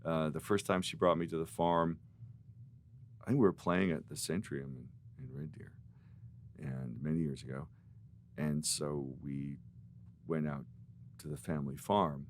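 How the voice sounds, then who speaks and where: A middle-aged man, a guest musician, telling animated, rambling stories in a podcast interview. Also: very deep voice, moderate pace, pauses often, slight background noise. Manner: animated storyteller, rambling with restarts.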